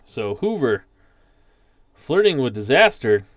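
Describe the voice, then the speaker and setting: A man calling play-by-play for a tabletop baseball simulation, slowly reading out dice rolls and player stats. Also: mid-range voice, very animated, a bit bright, dry recording. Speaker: league commissioner calling a tabletop baseball sim. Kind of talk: play-by-play commentary.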